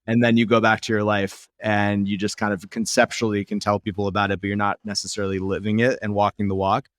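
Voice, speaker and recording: A man's voice: fairly low pitch, little pitch movement, quick pace, no room sound, clean studio sound. A man in his thirties hosting a podcast, chatting casually and eagerly with his guest. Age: 30s. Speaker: podcast host. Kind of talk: casual conversational interview.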